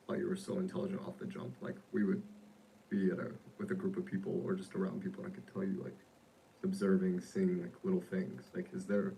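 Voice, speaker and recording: Deep gravelly interviewer, rapid delivery, mellow tone, light room hum. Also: male voice, low-quality recording. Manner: quick, curious questioning, casual slang. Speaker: podcast interviewer. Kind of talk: casual podcast interview.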